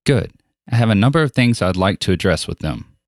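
A man's voice: lowish voice, expressive, a little fast, no echo, clean studio sound. A man voicing a whiny, smug male teacher in an audiobook. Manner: whiny and grating.

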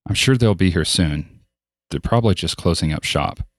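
A man's voice: low-pitched, lively intonation, normal speed, dry recording, studio quality. A man voicing a resentful, hot-headed teenage boy in an audiobook.

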